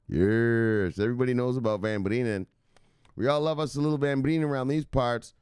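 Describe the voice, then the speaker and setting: A male crypto news host in casual livestream chat, shouting out viewers with loud hype catchphrases, swearing and laughing. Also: medium pitch, normal speed, smooth, no room sound, studio quality.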